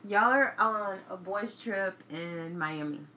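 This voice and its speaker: A woman with a bright, clear voice co-hosting a casual podcast, laying out hypothetical scenarios in a relaxed way. Her voice rings in an echoey room with faint noise behind it. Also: mid-range voice, slow. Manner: laid-back, sets up hypotheticals, laughs along. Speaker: podcast co-host posing scenarios. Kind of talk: casual chat.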